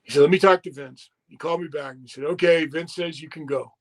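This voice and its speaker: A man's voice: on the high side, fairly even intonation, fast talker. A middle-aged man, a former wrestler, candidly telling a story in an interview, swearing freely and acting out the quoted dialogue. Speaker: retired wrestler guest.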